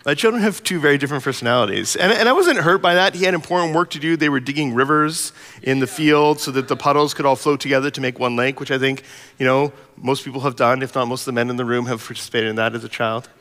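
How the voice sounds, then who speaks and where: A man's voice: mid-range voice, fast, a bit bright, big-room sound. A man in his thirties preaching a sermon as a pastor, telling a family story earnestly and rising to emphatic peaks.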